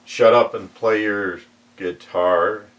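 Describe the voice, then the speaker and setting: A middle-aged man chatting casually and showing off his collection in a record shop, relaxed and chuckling now and then. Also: fairly low pitch, recorded from a distance. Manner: relaxed, unhurried, chuckles while recalling. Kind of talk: casual chat.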